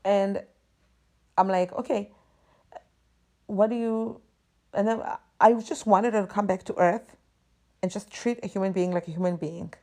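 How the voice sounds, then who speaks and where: Woman host, mellow tone, venting hard, swears a lot, emphatic rant. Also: medium pitch, fairly even intonation, a little slow, long pauses. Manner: exasperated, profane, emphatic. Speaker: podcast host. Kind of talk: ranting monologue.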